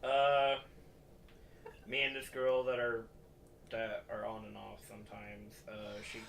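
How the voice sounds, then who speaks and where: A man's voice: lowish voice, completely flat delivery, creaky, fairly bright tone, distant mic, a little hiss or hum. Laughing young man, a bit off-mic. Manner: laughing, halting, stutters. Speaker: podcast guest. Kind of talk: casual storytelling.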